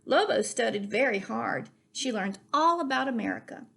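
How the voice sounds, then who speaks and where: A woman reading a children's picture book aloud in an expressive read-aloud manner. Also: on the high side, moderate pace, creaky, husky. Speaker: reader. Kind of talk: storybook reading.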